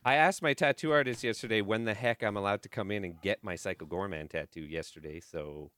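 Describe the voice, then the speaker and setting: A man co-hosting a podcast in casual chat, animated, laughing and swearing freely. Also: lowish voice, brisk, dry recording. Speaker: podcast co-host.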